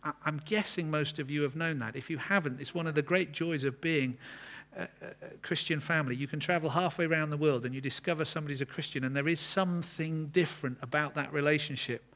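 A man preaching a sermon, earnest, building to emphatic peaks and then dropping low. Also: quick pace, hardly any pauses, a bit bright.

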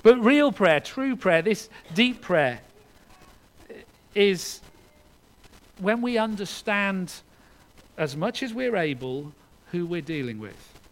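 A man preaching a sermon earnestly, rising to emphasis and dropping to hushed phrases, with frequent restarts. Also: high voice, expressive, slow pace, pauses often, poor audio. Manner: earnest, swinging between loud emphasis and hushed lines, with restarts.

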